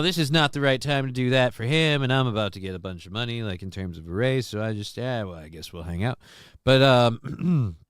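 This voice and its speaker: A man's voice: lowish voice, clear, resonant tone, no echo. A middle-aged man hosting a casual live stream from his desk at home, rambling through a story, swearing freely, reading viewers' messages aloud and acting out quotes in a livelier voice. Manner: quotes himself and others in livelier raised voice. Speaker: livestream host.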